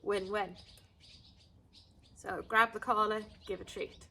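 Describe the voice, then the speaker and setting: A woman explaining dog training step by step in a calm, unhurried way, now and then calling her dog in a high sing-song voice. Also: slight background noise. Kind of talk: outdoor dog training lesson.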